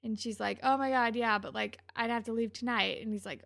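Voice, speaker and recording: A woman's voice: on the high side, fairly even intonation, brisk, gravelly, fairly bright tone, dry recording. A young woman co-hosting a podcast, casually and sarcastically recapping a TV episode and acting out the characters' lines. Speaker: podcast co-host recapping a TV show.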